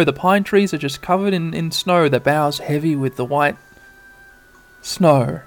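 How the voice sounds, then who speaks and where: A man hosting a podcast, casually narrating a game playthrough in a relaxed, rambling way. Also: a little high, a little slow, soft background music. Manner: relaxed, rambling, with filler ums. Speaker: podcast host.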